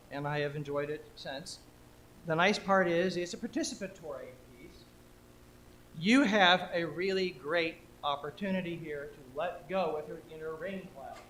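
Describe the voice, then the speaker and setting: A man's voice: high-pitched, fairly bright tone, slight background noise. A man leading his congregation through a participatory poem, playful and coaching them along. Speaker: minister. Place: church sanctuary. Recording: roomy hall echo.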